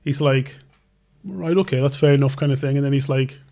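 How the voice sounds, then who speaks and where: Mellow, mid-range, and touched with vocal fry, the young man's voice moves a little fast. He's a tattoo artist who hosts a podcast, and he tells a long story offhandedly, playing both speakers, rambling, and restarting constantly as he interrupts himself.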